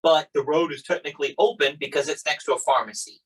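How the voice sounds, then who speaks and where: A podcast host chats casually, animatedly telling stories and acting out quoted exchanges. His husky voice is fairly high-pitched and fast, captured on a rough recording.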